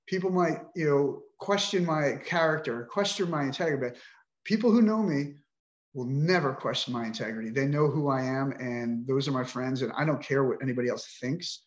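On a podcast, a middle-aged man with a medium-pitched voice talks fairly quickly through an emotional account of his own life, indignant and frustrated and cursing frequently, in a reverberant recording.

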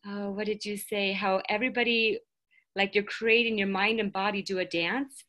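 A woman's voice: medium pitch, steady tone, moderate pace, sharp tone. A woman hosting a podcast in casual chat, enthusiastic and affirming, keeps saying how much she loves ideas. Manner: enthusiastic, affirming, many "I love it"s. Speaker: podcast host.

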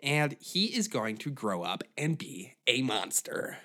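A man's voice: medium pitch, very animated, measured pace, pushed and bright, exaggerated voice. A man mimicking a smug young mother who is showing off her baby, in a prim, explaining tone.

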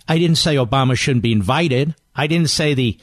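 A man's voice: medium pitch, normal speed, dry recording. A man hosting a political talk radio show, delivering a combative monologue and reading headlines aloud with rising emphasis into a studio microphone.

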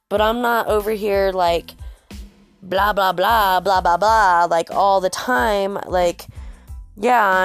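A young woman from Colorado hosting a podcast, talking candidly in a casual monologue full of fillers. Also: mid-range voice. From Colorado, USA. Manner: candid, frequent fillers, drawn-out. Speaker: podcast host.

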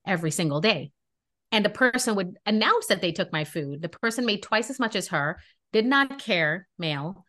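A woman from Brooklyn tells a story in casual podcast chat. She is animated and indignant and plays out each side of the conversation. Her pitch stays in a middle range. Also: moderate pace. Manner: animated, indignant, acts out dialogue. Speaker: podcast co-host.

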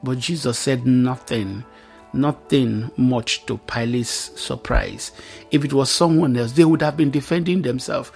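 A man's voice: mid-range voice, a little slow, creaky. Male preacher with a mid-range voice, reading scripture and explaining it, faint music underneath. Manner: reads scripture aloud, then explains it with emphatic repetition. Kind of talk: Bible teaching sermon.

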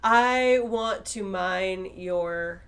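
A woman in a casual podcast chat, enthusiastic and quick to laugh and agree. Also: mid-range voice, a bit bright.

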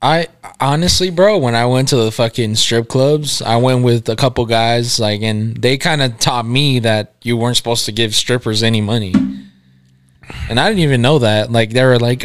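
Man, podcast co-host, mid-pitched, smooth clear voice, dry close sound. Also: normal speed, no echo. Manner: laid-back, profane, laughs along. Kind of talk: casual storytelling chat.

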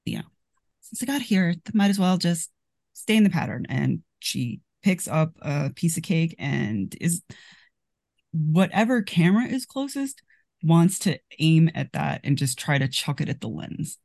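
Gravelly, dry-sounding tabletop player. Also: mid-range voice, sing-song, unhurried, a little mellow, no echo. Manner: rambling, full of "like". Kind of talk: playing a tabletop game in character.

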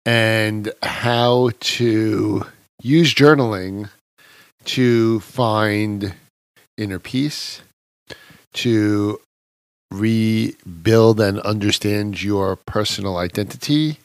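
A man with a New York accent hosting a podcast interview, chatty and animated, with dry humor. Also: lowish voice, very slow, dry recording. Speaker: podcast host.

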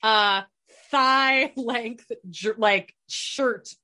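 Bright, higher-pitched woman riffing jokes. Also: very slow. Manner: joking, riffing on plot ideas. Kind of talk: casual podcast chat.

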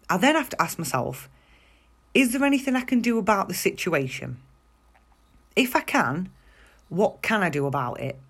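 A podcast host talks through a personal monologue. The delivery is frank and conversational, with a middle-range pitch. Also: a bit bright.

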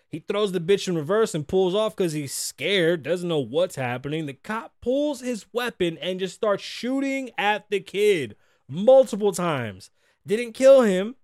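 A man hosting a podcast, talking casually and animatedly, swearing a lot and acting out quotes in loud bursts from a studio. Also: sits high, no echo. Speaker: podcast host. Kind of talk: casual profane talk-show rant.

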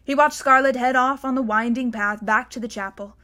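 A woman's voice: fairly high pitch, fairly even intonation, a little fast, sharp tone. A woman reading a novel aloud as narrator, telling the story evenly and without hurry. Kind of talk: audiobook narration.

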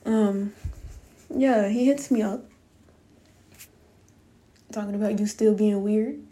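A woman's voice: medium pitch, steady tone, takes it slowly, dark tone, a little hiss or hum. A young woman telling viewers a story in a casual storytime rant, blunt, profane and exasperated. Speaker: vlogger.

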